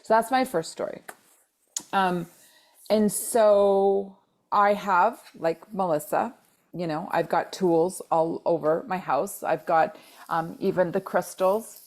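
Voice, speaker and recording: Woman with a low gravelly voice. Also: slow pace. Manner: animated, acts out quoted dialogue with repeated exclamations. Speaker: podcast co-host. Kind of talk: casual storytelling chat.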